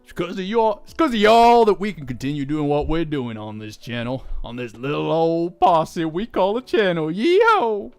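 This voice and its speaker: A man's voice: fairly high pitch, animated, drawn-out words, long pauses, fairly bright tone, clean tone, faint music behind, pitched above the performer's own voice, full character voice. A man voicing a rowdy cowboy who hollers his lines with a drawl. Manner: drawling, hollering yee-haws.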